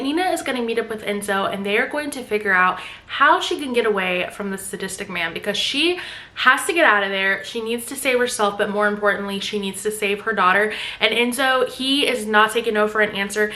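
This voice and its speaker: A young woman recapping a thriller novel in a casual, animated and emphatic way. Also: medium pitch. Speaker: book vlogger. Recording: echoey room.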